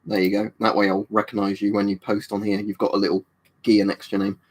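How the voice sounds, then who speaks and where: A man's voice: fairly low pitch, completely flat delivery, quick pace. Rambling British man on a livestream. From United Kingdom. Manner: rambling, many ums and restarts. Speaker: livestream host. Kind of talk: casual livestream chat, reading viewer comments.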